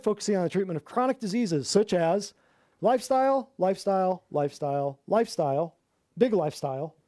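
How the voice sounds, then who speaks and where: A man's voice: high voice, mellow, dry recording, studio quality. A man hosting a health podcast in a sarcastic, mocking monologue, repeating words for emphasis. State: winded. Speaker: podcast host.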